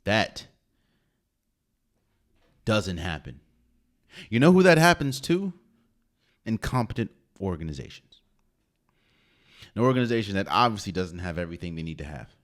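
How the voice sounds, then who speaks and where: Deep-voiced guy doing his own sports podcast, swings up and down a lot, opinionated and emphatic. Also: sing-song, normal speed, long pauses. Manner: opinionated, emphatic, with sudden loud rises and quiet asides. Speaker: podcast host. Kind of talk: solo sports commentary podcast.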